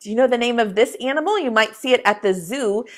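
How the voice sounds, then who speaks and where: A woman teaching a preschool lesson, talking to young children in a slow, encouraging way and asking them to repeat words after her. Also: fairly high pitch, expressive.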